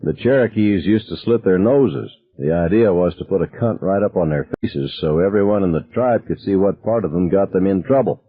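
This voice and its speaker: A drunk, menacing middle-aged father brags by a campfire, as a man reads him aloud. His low, husky voice slurs, and it comes through a narrow, phone-like line that is dry and close. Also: lively intonation, moderate pace, hardly any pauses. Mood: boasting. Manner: slurred, boastful, turns cold and quiet.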